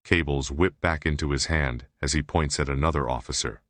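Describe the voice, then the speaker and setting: A man reading an audiobook aloud in a steady, measured narration. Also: a bass voice, dry recording. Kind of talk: scripted narration.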